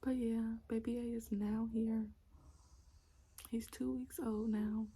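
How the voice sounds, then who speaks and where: Young mom vlogging at home, talks soft n kinda whispery, lotta "like", raspy fry in her voice. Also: a little high, flat delivery, slow. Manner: soft, often half-whispered, lots of "like". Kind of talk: casual personal storytelling. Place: at home with her small children.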